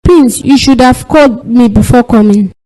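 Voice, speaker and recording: A woman's voice: on the high side, normal speed, mellow, lightly acted, rough recording. A woman voicing a bossy but caring young friend in a cartoon drama, with a Nigerian accent and a firm, coaxing manner. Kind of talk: cartoon voice acting.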